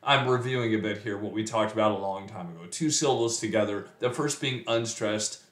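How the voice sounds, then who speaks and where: A man reading a sonnet aloud, then explaining it like a teacher, often pausing with fillers and restarting. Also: fairly low pitch. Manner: slow and measured, with frequent fillers and restarts. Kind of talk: poetry reading and lesson. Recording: roomy echo.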